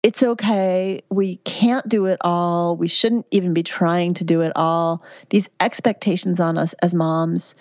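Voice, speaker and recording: A woman's voice: on the low side, fairly even intonation, unhurried, few pauses, darkish tone, dry recording. Chatty woman in her fifties, dry lo-fi audio. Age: 50s. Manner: candid, chatty, frequent fillers. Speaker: guest, physician and midwife. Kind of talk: podcast interview.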